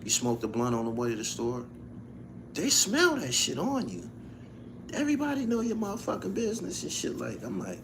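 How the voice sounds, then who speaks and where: Guy with a high voice cussing and laughing through stories, noisy background. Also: huge pitch swings, moderate pace. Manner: profane, laughs often while telling stories. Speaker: channel host. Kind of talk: casual livestream chat.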